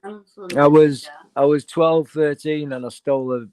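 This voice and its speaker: A man's voice: fairly high pitch, steady tone, normal speed, darkish tone. A man hosting a rowdy live chat, easygoing and laughing often. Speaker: stream host. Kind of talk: rowdy casual banter.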